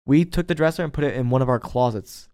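A young man in a college dorm room, hosting a casual podcast and chatting in a relaxed, rambling way. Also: medium pitch, quick pace, clean tone. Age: young adult. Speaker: podcast host. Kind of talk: casual chat.

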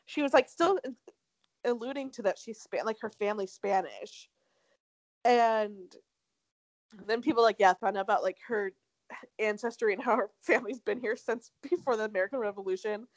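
A woman's voice: mid-range voice, moderate pace, dry recording. A young woman co-hosting a podcast, gossiping casually in slangy, laughing chat. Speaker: podcast co-host.

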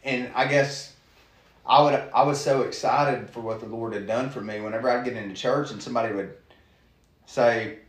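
A man tells his testimony in an earnest, halting way, often restarting his sentences. His voice sits at a middle pitch. The room around him is noticeably echoey. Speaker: guest preacher. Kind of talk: testimony in casual conversation.

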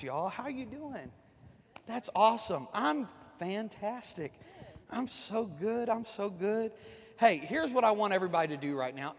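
Pastor guy, kinda high voice, joking around with the church, big hall reverb. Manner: folksy, joking, talks to the congregation. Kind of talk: sermon. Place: church sanctuary, on the platform.

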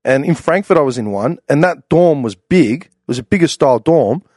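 A man telling a long, animated travel story in casual chat, slangy and swearing freely. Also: a little high, a little fast, no room sound, studio quality.

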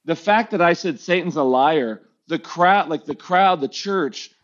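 Animated storyteller man, dull lo-fi audio. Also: fairly high pitch, measured pace. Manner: animated storyteller who acts out other people's lines. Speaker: pastor, podcast guest. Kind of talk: casual storytelling conversation.

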